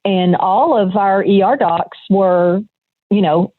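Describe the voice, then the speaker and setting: An older woman, a retired nurse, reminisces calmly about her career as an interview guest. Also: mid-range voice, slow, no room sound. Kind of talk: conversational interview. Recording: tinny phone-like line.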